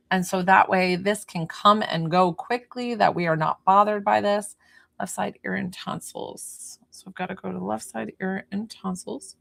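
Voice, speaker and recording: A woman running a live-streamed energy healing session, talking calmly through breathing and encouragement with chatty asides. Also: mid-range voice, gravelly. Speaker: spiritual healer on a livestream.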